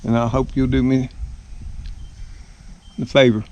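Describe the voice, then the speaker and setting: An older man from the US Deep South with an Alabama accent, vlogging in a slow, folksy, homespun manner as he walks outdoors through the woods. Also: level tone, a little mellow, lo-fi sound. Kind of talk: casual walking vlog. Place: outdoors in woods and on a front porch.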